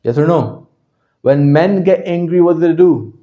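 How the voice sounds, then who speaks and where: A man teaching a class, constantly asking his listeners questions and checking that they understand, his voice jumping from loud to quiet. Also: on the high side, moderate pace, dull audio. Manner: animated, swings from loud to quiet. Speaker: religious teacher. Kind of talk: interactive lecture to a class.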